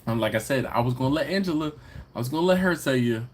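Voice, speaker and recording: A man hosting a live stream in casual chat, reading viewer comments aloud and answering them playfully, with frequent laughter and drawn-out teasing emphasis. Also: medium pitch, lively intonation. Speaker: livestream host.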